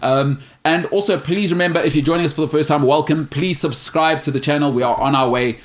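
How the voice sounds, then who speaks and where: A man's voice: a little high, a little fast. A man hosting a sports talk show, chatting casually and jokingly as he reads out viewer questions and gives firm opinions. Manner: opinionated, joking, stumbles over names.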